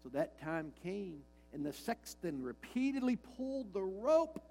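Slow, gravelly-voiced preacher man. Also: high voice, sing-song, dark tone, faint music behind, rough recording. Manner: emphatic, repeats key lines, asks rhetorical questions. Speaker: pastor. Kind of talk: sermon.

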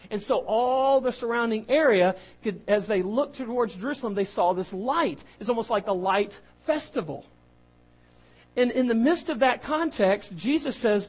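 A man's voice: extremely high pitch, lively intonation, moderate pace, poor audio. A man preaching a sermon, talking in a conversational way that builds in force. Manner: conversational preaching, grows louder and more emphatic.

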